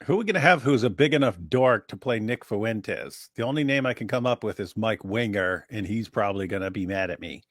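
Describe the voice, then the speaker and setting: A man's voice: lowish voice, a little fast, hardly any pauses, a bit bright, no echo, studio quality. A man co-hosting a casual livestream, joking and bantering, often mimicking other people. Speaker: livestream co-host.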